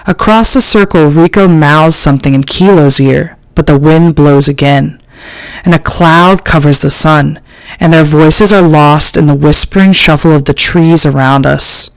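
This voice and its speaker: A woman reads an audiobook in a measured, literary way. She takes it very slowly, letting each phrase land. The recording is close and dry, with no room sound. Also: low voice, no echo, low-quality recording. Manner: slow, measured, literary reading. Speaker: audiobook narrator. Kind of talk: scripted narration.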